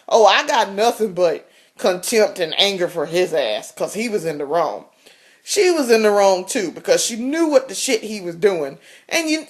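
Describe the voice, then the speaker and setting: A woman vlogger telling a story in a casual, blunt rant, swearing freely and laughing often. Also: fairly high pitch.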